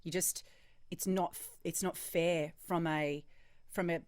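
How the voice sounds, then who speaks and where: A woman's voice: fairly low pitch, fairly even intonation, a little slow, a little mellow, no echo, clean studio sound. A woman from Australia co-hosting a podcast, talking earnestly and emphatically as she thinks aloud. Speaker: podcast co-host, voice actor. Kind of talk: casual discussion.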